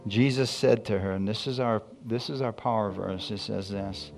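A man preaching a sermon, reading scripture slowly and calling out to his congregation. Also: on the low side, vocal fry, faint music behind.

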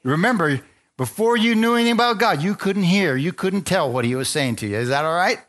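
A man's voice: high voice, lively intonation, a little fast, a bit bright. A middle-aged man preaching, telling his own story and acting out the voices, calling on the crowd for amens. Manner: storytelling, acts out dialogue, asks the crowd for amens. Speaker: preacher giving testimony. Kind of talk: sermon testimony.

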